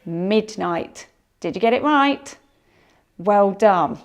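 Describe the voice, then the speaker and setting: Lady teacher doing phonics for little kids, slow and encouraging, kinda high voice. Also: expressive, highs cut off. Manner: slow, encouraging, drawn-out sounding out of words. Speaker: primary school teacher. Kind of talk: phonics lesson for young children.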